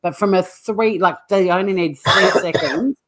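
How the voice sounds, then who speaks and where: Woman co-host, low pitch, lively teasing storyteller. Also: normal speed. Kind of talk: casual comedic news chat.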